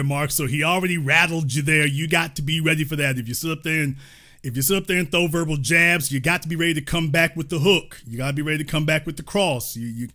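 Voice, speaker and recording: A man's voice: a little high, pushed and bright. A man hosting a reaction commentary, talking straight to his viewers in a mocking, rhetorical way. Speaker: commentary host.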